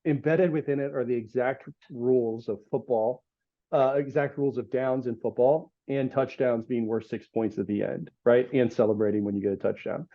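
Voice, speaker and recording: A man's voice: mid-range voice, fairly even intonation, moderate pace. Man explaining on dull lo-fi audio. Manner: explanatory, walks through steps with "okay?" checks. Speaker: podcast guest, company co-founder. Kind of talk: explaining a product in an interview.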